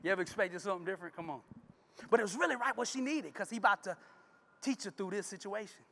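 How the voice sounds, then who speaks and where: A man's voice: high-pitched, fast, creaky, bright, forceful tone. A man giving a live motivational speech in a large event hall, rousing the crowd with preacher-like call-outs. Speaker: motivational speaker. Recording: long reverb of a large hall.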